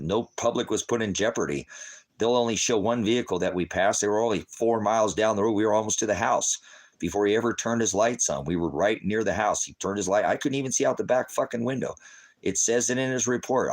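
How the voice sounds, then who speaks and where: A middle-aged man ranting angrily on a livestream as a father, cursing heavily and swinging from shouting to quiet. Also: lowish voice. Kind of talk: angry livestream rant.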